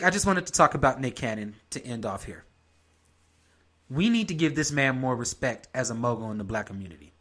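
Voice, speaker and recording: A man's voice: mid-range voice, moderate pace. A young adult man hosting his own podcast, ranting in a heated, profane, casual way. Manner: heated, profane, lively rant. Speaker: podcast host. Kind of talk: casual solo commentary.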